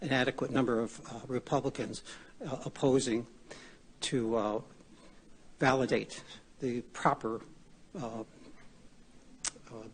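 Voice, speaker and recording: A man out of breath, giving unscripted testimony at a hearing, halting with many pauses and restarts. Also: medium pitch, fairly even intonation, slightly rough. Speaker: public testimony witness.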